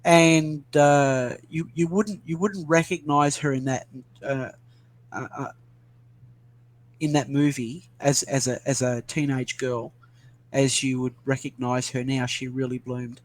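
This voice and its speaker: A man's voice: mid-range voice, fairly even intonation, a little slow. An older Australian man chatting casually, rambling and self-deprecating with many restarts. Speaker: interviewee. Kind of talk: casual video call chat.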